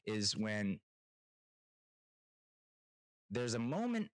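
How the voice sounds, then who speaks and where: Low-voiced man rambling on his podcast. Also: sing-song, measured pace, no room sound, poor audio. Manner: rambling, self-mocking, joking. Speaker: podcast host. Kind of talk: casual solo storytelling.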